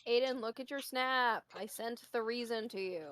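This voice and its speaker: A woman playing in a tabletop game on a live stream, teasing and matter-of-fact, quick to laugh. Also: fairly high pitch, fairly bright tone, a little hiss or hum. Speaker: player. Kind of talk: casual chat at a tabletop game.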